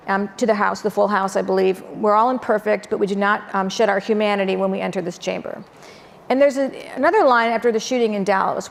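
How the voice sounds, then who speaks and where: A woman's voice: medium pitch, creaky. A woman moderating a panel, framing her questions thoughtfully with frequent hesitations. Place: auditorium panel event. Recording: long hall reverb, faint room noise.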